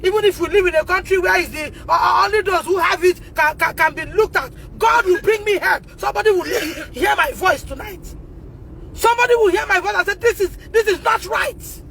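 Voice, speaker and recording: Nigerian woman w/ nigerian accent, super high voice, emotional, keeps repeating herself, sometimes shouting, phone livestream. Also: a little fast, creaky, rough recording. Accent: Nigerian English. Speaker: mother speaking out on a livestream. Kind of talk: impassioned livestream testimony.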